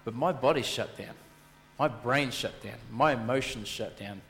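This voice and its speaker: Background music plays softly as a married adult pastor preaches at a moderate pace in a mid-range voice. His storytelling is animated, with acted voices and repeated phrases for emphasis, and the church hall's long reverb trails behind him.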